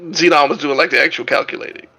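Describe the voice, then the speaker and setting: Excitable high-voiced male player. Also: fast, gravelly, dry recording, low-quality recording. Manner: excitable, stammering restarts. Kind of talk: tabletop game chat.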